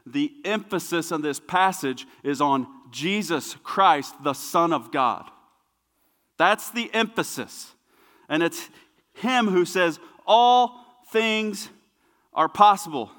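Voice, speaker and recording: A man preaching a sermon as pastor, with emphatic repetition that swings between hushed and loud passages. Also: fairly high pitch, lively intonation, slow. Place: church sanctuary. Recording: long hall reverb.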